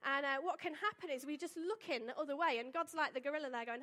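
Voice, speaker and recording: High-voiced woman preaching. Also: fast talker, pushed and bright. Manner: chatty, conversational, with fillers and asides. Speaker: church speaker. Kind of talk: informal sermon with a Bible reading.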